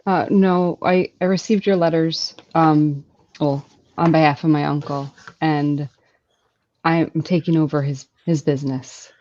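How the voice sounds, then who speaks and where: Tabletop player, in-character roleplay, hesitant, mid pitch, muffled lo-fi sound. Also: steady tone, a little slow, a little mellow, slight background noise. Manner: hesitant, with fillers. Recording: dull lo-fi audio.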